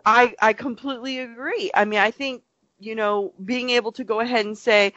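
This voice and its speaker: On a muffled, echo-free recording, a woman co-hosting a podcast rambles at a moderate pace, using plenty of fillers and animatedly recounting events in casual conversation. Her pitch is fairly high.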